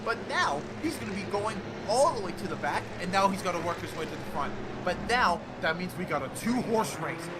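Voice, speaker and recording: Excitable high-voiced race commentator, man. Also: noisy background. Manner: energetic, quick bursts of excitement.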